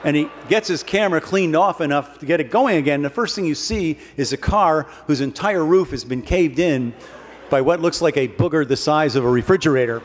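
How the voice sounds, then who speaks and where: With a fairly high pitch and fairly quick pace, a man tells a long, wryly dry comic story as a humorous keynote before an audience in a large hall. Long hall reverb and faint background noise mark the recording.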